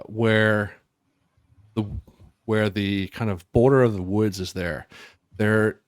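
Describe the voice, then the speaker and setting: Low-voiced man running a tabletop game. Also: no echo, studio quality. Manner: loose and rambling, with many ums and restarts. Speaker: game master.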